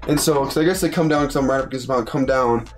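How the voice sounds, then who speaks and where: Young guy from utah telling a story, lively, does the voices, laughs a lot, bit of music in back. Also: medium pitch, rapid-fire. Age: young adult. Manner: animated, acts out quoted voices, laughs often. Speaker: college football player, podcast co-host. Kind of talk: casual storytelling chat.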